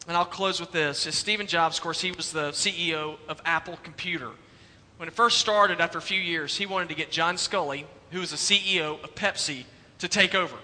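A man preaching a sermon as a pastor, asking rhetorical questions and slowing down to stress his points. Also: high-pitched, big-room sound. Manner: rhetorical questions, slows for emphasis, drops soft at the end. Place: church.

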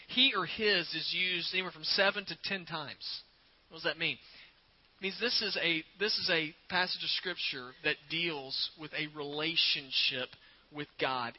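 A man preaching a sermon as a pastor, earnest and repetitive, slowing down to stress his points. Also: on the high side, lo-fi sound. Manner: earnest, repeats words, slows for emphasis.

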